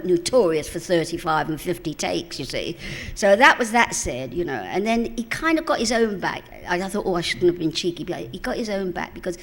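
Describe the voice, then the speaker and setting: Chatty older London woman, low voice. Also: fairly quick. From England. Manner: chatty, animated storytelling with bursts of laughter; mouthy, cheeky. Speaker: interviewee. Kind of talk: live stage interview anecdote. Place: cinema auditorium with live audience.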